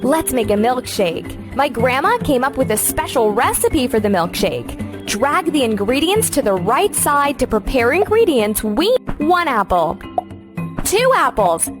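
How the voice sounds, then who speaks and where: A woman voicing a cheerful young farmer who guides children through a game, speaking slowly in a sing-song, encouraging way. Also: sits high, sing-song, music in the background. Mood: sunny, encouraging. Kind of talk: scripted children's game voice-over.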